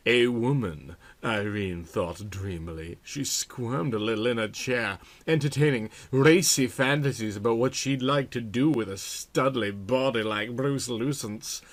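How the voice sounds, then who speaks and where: A man's voice: medium pitch, unhurried, few pauses. A man giving a comedic reading of a novel, with a dry, mock-serious delivery. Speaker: reader.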